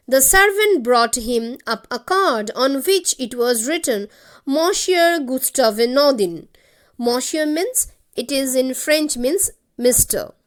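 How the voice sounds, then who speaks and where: A woman with an Indian English accent teaches a short story, reading passages aloud and then retelling them plainly for her class. Her voice sits high. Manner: reads a passage, then retells it in simple words. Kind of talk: explaining a short story to students.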